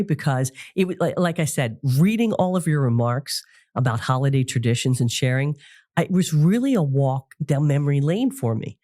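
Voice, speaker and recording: A middle-aged woman hosting a podcast, talking casually and warmly about family memories with frequent fillers and laughs. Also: extremely low pitch. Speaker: podcast host and psychic medium. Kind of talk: casual solo podcast talk.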